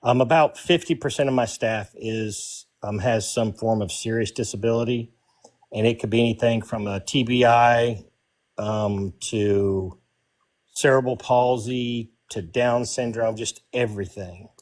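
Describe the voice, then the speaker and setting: A man's voice: medium pitch, fairly even intonation, unhurried. A man in his fifties with a mild Southern US accent, chatting easily as a guest on a family livestream, joking and self-deprecating. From New York, raised in the US South. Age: 50s. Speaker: guest father. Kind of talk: casual livestream chat.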